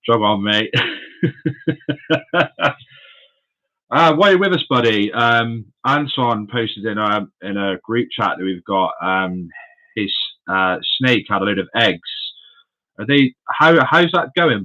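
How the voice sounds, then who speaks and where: A man's voice: on the low side, expressive, unhurried, bright, forceful tone. A man hosting a casual live stream from his room of animal enclosures, chatty and friendly, calling his viewers mate and buddy. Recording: dull lo-fi stream audio.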